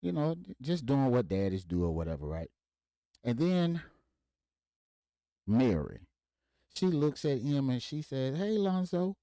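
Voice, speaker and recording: A man's voice: medium pitch, unhurried, pauses often, no echo. A man from Mississippi, hosting a podcast and telling a story casually, acting out the voices of the people in it. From Mississippi, USA. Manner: animated, acts out voices in quoted dialogue. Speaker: podcast host.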